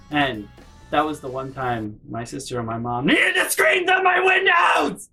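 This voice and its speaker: A man telling a personal story in an animated, profane storytime rant, talking to his camera in his bedroom and shouting at the peaks. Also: a little high, unhurried, vocal fry, slightly rough, faint music behind. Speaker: storytime vlogger. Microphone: handheld camera in his room.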